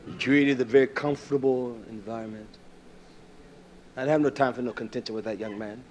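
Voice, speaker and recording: A man's voice: medium pitch, fairly even intonation, fairly quick, a little mellow, slight background noise. A man preaching a sermon, telling folksy stories and acting out the quoted dialogue.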